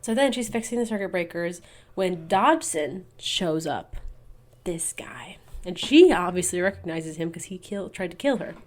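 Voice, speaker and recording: A woman's voice: lowish voice, lively intonation, moderate pace. A young woman co-hosting a podcast, recapping a novel in a casual, chatty way full of "like" and "um", and acting out the characters' lines. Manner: chatty, many fillers, acts out characters' lines. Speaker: podcast co-host. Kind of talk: casual book recap chat. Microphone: podcast mic over online call.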